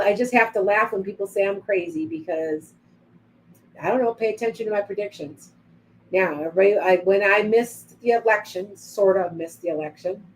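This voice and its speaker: A middle-aged woman chats loosely through a live psychic reading stream, drifting between tangents and replies to viewers. Her voice sits at an ordinary pitch for a woman. A faint hiss of noise runs under her webcam sound. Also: darkish tone, low-quality recording. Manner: chatty, rambling, reads viewer comments aloud. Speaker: psychic livestream host. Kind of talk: casual live-stream chat.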